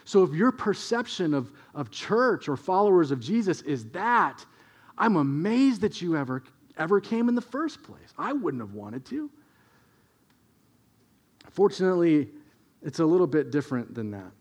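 A man preaching a sermon as a pastor, telling stories and moving between hushed asides and emphatic points. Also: fairly high pitch, big pitch swings, normal speed, breathy edge.

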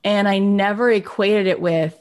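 A woman's voice: medium pitch, fairly even intonation, moderate pace, darkish tone. A woman hosting a podcast who tells personal stories openly and emotionally, with many fillers like "like" and "you know". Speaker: podcast host. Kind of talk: podcast conversation.

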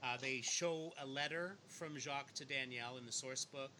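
A man's voice: medium pitch, moderate pace, pushed and bright, a little hiss or hum. A man co-hosting a podcast, explaining details in casual chat. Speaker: podcast co-host.

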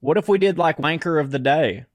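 A man's voice: fairly high pitch, fairly quick, dry recording. A man, co-hosting a podcast in casual, laid-back chat, reading listener mail aloud and laughing often. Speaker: podcast co-host.

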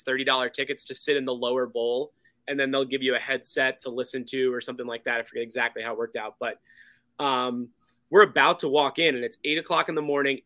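A man telling a story in an excited, casual way, with many fillers. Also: mid-range voice, no echo. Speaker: podcast guest.

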